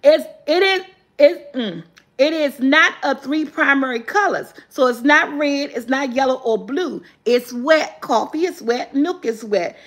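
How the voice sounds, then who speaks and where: A woman hosting a live guessing game, reading clues slowly and cheering loudly when viewers answer right. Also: sits high. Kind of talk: casual live-stream chat.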